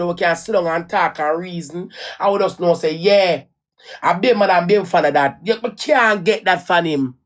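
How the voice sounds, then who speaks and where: A woman with a Jamaican accent telling a personal story in a casual, rambling rant, repeating herself and swearing bluntly. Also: lowish voice. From Caribbean. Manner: rambling and repetitive, restarts and repeats phrases. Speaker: vlogger.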